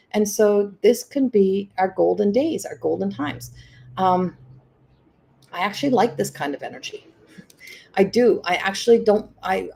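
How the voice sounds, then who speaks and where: A middle-aged woman hosts a live-stream energy reading, talking in a reflective way and circling back over her own phrases. Her voice has a gravelly edge at a middle pitch. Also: a little mellow. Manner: reflective, repeats phrases, reads viewer comments. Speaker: psychic reading host.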